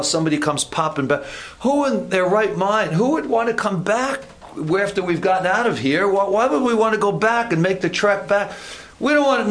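A man's voice: sits high, a bit bright. A man preaching a sermon in a conversational way, with joking asides and acted-out bits of dialogue.

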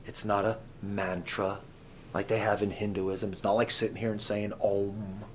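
A man preaching a sermon at a camp meeting, dramatic and full of questions to his listeners, swinging from loud cries to hushed whispers. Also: fairly low pitch, level tone, moderate pace, slight background noise. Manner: asks the audience many questions.

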